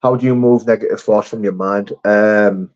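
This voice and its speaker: A man with a lowish, slightly mellow voice speaks at a normal pace with fairly even intonation. He's hosting a casual live stream, reading viewer comments out loud and responding with blunt, sweary banter. The stream audio is a bit dull and lo-fi.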